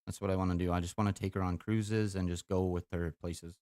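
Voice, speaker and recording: A man's voice: low voice, flat delivery, fast, darkish tone, dry recording. A tired young man streaming live, chatting casually on a call with his grandmother, swearing often and laughing easily.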